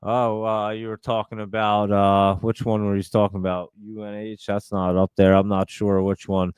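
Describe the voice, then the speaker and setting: A man's voice: on the low side, little pitch movement, moderate pace, darkish tone, clear, resonant tone, no echo, clean studio sound. A man hosting a live stream, chatting casually and rambling as he reads out and answers viewer comments.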